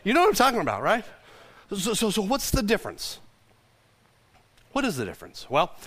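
A male pastor preaching a sermon to a congregation in a conversational, animated way, often repeating words as he goes. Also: fairly high pitch.

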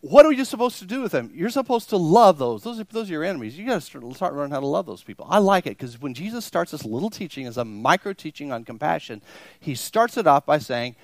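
On the high side and very animated, a pastor's voice comes at a quick pace with no echo as he preaches a sermon to his congregation at church. He drives points home by repeating phrases emphatically and often acts out how listeners might respond.

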